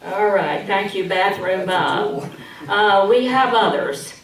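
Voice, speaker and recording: A woman's voice: mid-range voice, lively intonation, slow pace. Playful woman trainer in a roomy hall. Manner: filler-heavy, playful, acts out bad speaker types. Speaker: public speaking trainer. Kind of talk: training session talk. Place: large hall. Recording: echoey hall from far off.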